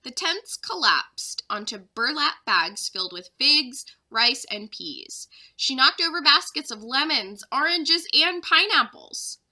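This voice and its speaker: Bright, expressive teacher reading aloud. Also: female voice, high-pitched, takes it slowly, few pauses. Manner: expressive storyteller. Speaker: third-grade teacher. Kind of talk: reading a children's chapter book aloud.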